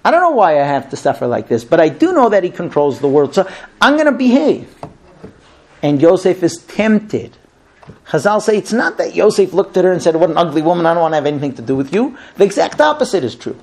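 A man giving a Torah lesson as a sermon, telling the story in a lively way and acting out the voices of the people in it. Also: high-pitched, a little fast. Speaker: rabbi teaching Torah.

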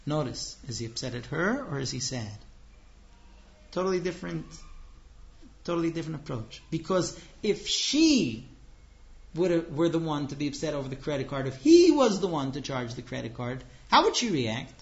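A man's voice: on the high side, big pitch swings, moderate pace, vocal fry. A man giving an earnest, explanatory religious lecture on marriage, acting out dialogues along the way. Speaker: religious teacher. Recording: dull lo-fi recording.

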